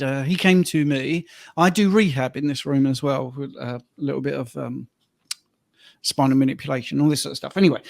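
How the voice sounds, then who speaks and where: A man hosting a casual podcast chat and telling stories, lively when quoting people. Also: a little high, gravelly, dry recording. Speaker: host and fitness coach. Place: his own training and rehab room.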